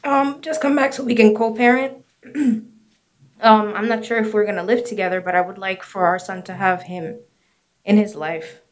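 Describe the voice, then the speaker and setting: A woman speaks at a court hearing, and her talk is hesitant. She pauses on fillers often. Her voice sits at a middle pitch. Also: steady tone. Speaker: named victim at a hearing.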